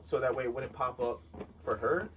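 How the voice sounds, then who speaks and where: A man casually telling a story on a podcast, animated and profane, laughing often. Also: mid-range voice, moderate pace. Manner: animated, laughing, swears freely. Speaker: podcast co-host. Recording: distant mic with clear background noise.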